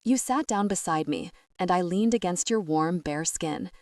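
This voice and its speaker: A woman reads a literary novel aloud in a measured, quiet, reflective voice. Her voice sits low. The recording is dry and close, with no room sound. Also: expressive, no echo. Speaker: audiobook narrator. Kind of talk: scripted literary narration.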